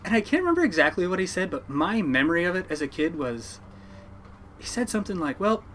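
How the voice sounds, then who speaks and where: A man, a fishing boat captain, telling stories from his life at sea to a podcast host in a lively, laughing way. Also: sits high, fast, a little hiss or hum. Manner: animated yarn-spinner, laughing at his own story. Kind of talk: casual storytelling.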